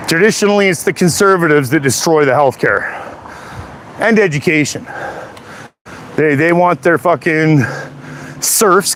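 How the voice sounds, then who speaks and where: A man's voice: on the high side, a little hiss or hum. Heated, cursing Canadian man. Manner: profane, heated, repetitive. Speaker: vlogger. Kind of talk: angry political rant.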